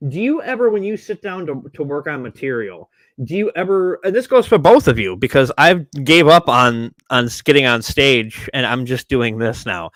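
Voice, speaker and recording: A man's voice: mid-range voice, animated, normal speed, fairly bright tone, no echo. A man hosting a podcast, chatting casually with blunt, crude jokes. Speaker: podcast host.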